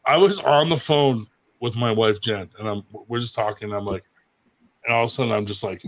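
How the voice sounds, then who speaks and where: A man's voice: on the low side, a little fast, a bit bright. A married man telling wild stories in casual chat on a show, swearing often and laughing at his own tales. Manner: crude, profane, laughing storyteller. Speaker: show regular.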